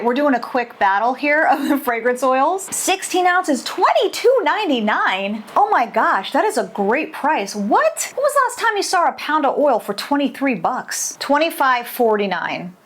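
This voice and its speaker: Excitable woman reviewing scents. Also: fairly high pitch, a little hiss or hum. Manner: enthusiastic, exclaiming often. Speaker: candle maker reviewing fragrance oils. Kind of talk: casual product review.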